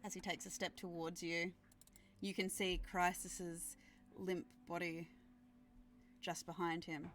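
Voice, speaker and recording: A woman narrating a tabletop game as game master, describing combat in slow, dramatic turns. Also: lowish voice, flat delivery, fairly bright tone, soft background music.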